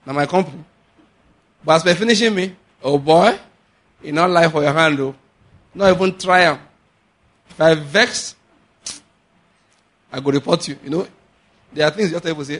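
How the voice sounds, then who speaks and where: A man preaching a sermon, animated, acting out little dialogues and slowing to a measured chant on scripture. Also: a little high. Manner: animated, acts out little dialogues and laughs often. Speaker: pastor.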